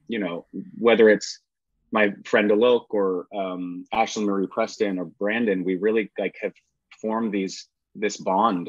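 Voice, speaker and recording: A man in his thirties, a podcast guest, talking in a halting way with many restarts. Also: on the low side, dry recording, muffled recording. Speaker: podcast guest, actor and author. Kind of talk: casual chat.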